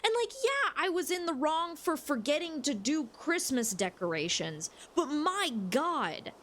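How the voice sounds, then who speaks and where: A woman's voice: high voice, big pitch swings, measured pace, fairly bright tone. A young woman streamer chatting casually while she plays a game, rambling frankly and swearing freely. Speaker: gaming streamer.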